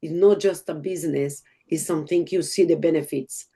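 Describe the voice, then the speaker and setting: Excited Brazilian woman on a call. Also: sits low, a little fast, husky. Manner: enthusiastic, emotional, non-native grammar. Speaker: network marketer giving a testimonial. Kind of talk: online group call testimonial. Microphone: video call.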